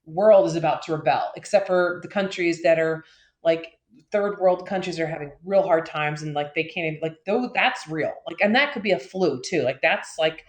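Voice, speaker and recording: A woman's voice: deep voice, moderate pace, roomy sound. Frustrated, profane woman ranting. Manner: frustrated, profane, rambling with many fillers. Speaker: podcast co-host. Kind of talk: casual ranting chat.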